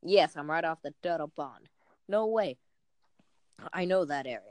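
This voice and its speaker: A woman's voice: deep voice, expressive, normal speed, heavy background noise. A woman voicing a wisecracking New York comedian guy, reading movie lines in a New York accent. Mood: chatty. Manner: reads movie lines in a put-on comic voice. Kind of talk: comic movie-script reading.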